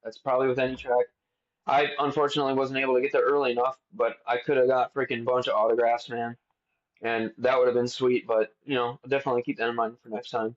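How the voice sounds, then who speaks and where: A young man co-hosting a podcast, telling stories in a casual, animated way and swearing freely. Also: mid-range voice, fast talker. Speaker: podcast co-host. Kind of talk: casual chat. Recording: dull lo-fi sound.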